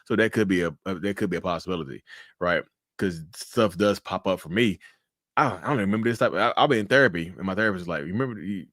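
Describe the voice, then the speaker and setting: A man hosting a casual interview, talking loosely with swearing and acting out his reactions in big jumps of voice. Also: no echo. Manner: animated, acts out reactions with big pitch jumps and laughs. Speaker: interview host.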